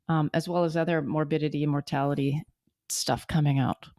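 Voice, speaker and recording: A woman's voice: sits low, flat delivery, fairly quick, dark tone, no room sound, studio quality. A woman co-hosting a podcast, chatty and playful, teasing her guests and asking questions. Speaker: podcast co-host. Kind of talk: casual chat interview.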